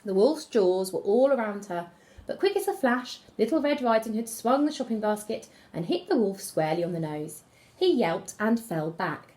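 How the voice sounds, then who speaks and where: A woman teacher reading a fairy tale aloud to children, with expressive storytelling. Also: mid-range voice, moderate pace. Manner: expressive storytelling, gasps and whispers.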